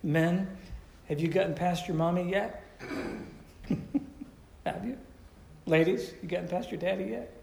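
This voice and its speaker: A man's voice: high-pitched, measured pace, gravelly, pauses often, darkish tone, echoey room, slight background noise. A man preaching a sermon in a conversational way, often asking his listeners questions. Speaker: pastor.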